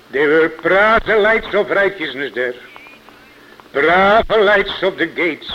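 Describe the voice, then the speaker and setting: A man preaching a sermon to his congregation, slow and emphatic, repeating key words for weight. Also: on the high side. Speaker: pastor. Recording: muffled lo-fi sermon recording with faint hiss.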